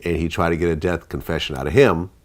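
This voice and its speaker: A man's voice: low voice, fast. A man hosting an interview, giving reflective and thoughtful remarks. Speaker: interview host. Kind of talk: interview commentary.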